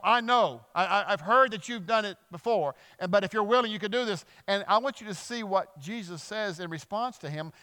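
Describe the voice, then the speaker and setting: A man preaching a sermon as pastor, animated, acting out the voices of the people in the text. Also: fairly high pitch, in a large hall. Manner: animated, acts out quoted voices.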